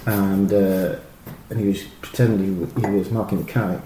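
A middle-aged man, a former footballer, telling animated, rambling stories full of fillers and restarts. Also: deep voice, normal speed. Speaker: former professional footballer, guest. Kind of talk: casual anecdotal storytelling. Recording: roomy echo with faint noise.

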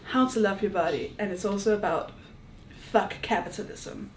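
A woman's voice: medium pitch, moderate pace. A woman comedian guesting on a podcast, teasing the host with dry jokes. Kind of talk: casual banter. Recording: echoey room with clear background noise.

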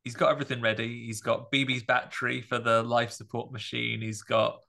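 A man in easy podcast conversation, talking through a film scene by scene. He slips into quick voices for the characters and laughs along as he goes. His pitch sits in an ordinary middle range. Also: creaky. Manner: animated storytelling, acting out characters' lines with laughs. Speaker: podcast co-host. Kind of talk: casual chat recapping a film.

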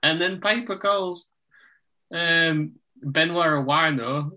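A man's voice: a little high, slow, sharp tone. A man co-hosting a casual wrestling podcast chat, rambling and laughing often. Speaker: podcast co-host.

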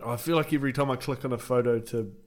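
A man's voice: mid-range voice, steady tone, fast talker. A young man with a New Zealand accent, co-hosting a casual podcast, swearing often and laughing easily. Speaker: podcast co-host. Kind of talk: casual banter. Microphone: headphones and desk mic.

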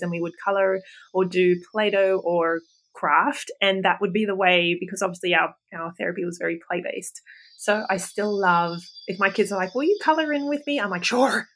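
A woman hosting a casual parenting interview, once a pediatric therapist, answering with quick affirmations. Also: medium pitch, a bit bright, poor audio. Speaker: podcast host, former pediatric therapist.

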